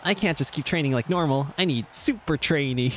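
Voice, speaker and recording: A man reading game dialogue aloud in a high girlish voice, playing a peppy, boastful young female racer. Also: a little fast, a bit bright, natural voice. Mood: earnest.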